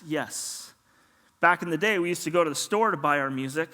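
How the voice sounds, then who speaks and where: A man's voice: on the high side, fairly quick. A middle-aged man telling a story in a sermon, acting out the voices of people in it. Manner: animated storyteller, acts out dialogue. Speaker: pastor. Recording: long hall reverb.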